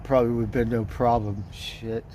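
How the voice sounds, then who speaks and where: Man with an average-pitched voice for a casual outdoor stream, animated and profane, light street noise behind. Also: a little fast. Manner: profane, chuckling, animated retelling. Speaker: livestreamer. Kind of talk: casual storytelling.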